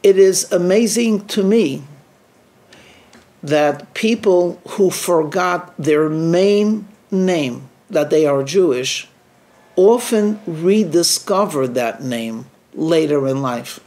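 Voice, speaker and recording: A man with a high voice tells a story from the pulpit as a rabbi. He talks with animation and slips into the voices of the people in his story. His delivery is that of a weekly storytelling sermon. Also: takes it slowly. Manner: lively teller who acts out quoted speech.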